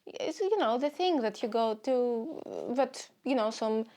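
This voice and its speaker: A young woman from Greece with a Greek accent, hosting a comedy podcast in an animated, rambling way. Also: on the high side, measured pace. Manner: animated, rambling, stop-start storytelling. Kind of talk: solo comedic podcast monologue.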